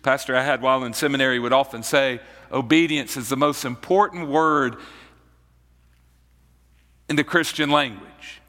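A man preaching a sermon as pastor, slow and deliberate, repeating key phrases for emphasis. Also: mid-range voice, pushed and bright, in a large hall.

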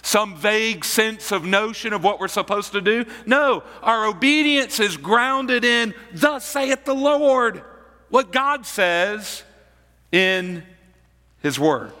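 A man preaching a sermon as pastor, slow and deliberate, repeating key phrases for emphasis. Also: sits high, sharp tone, long reverb tail.

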